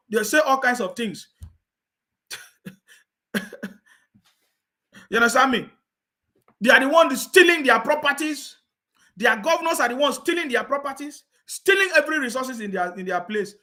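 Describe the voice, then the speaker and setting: A man's voice: very high-pitched, lively intonation, moderate pace, pauses often, pushed and bright. A man giving a scornful, insistent political rant, with mocking laughs and repeated check-ins with his viewers. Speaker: political commentator. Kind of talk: ranting online commentary.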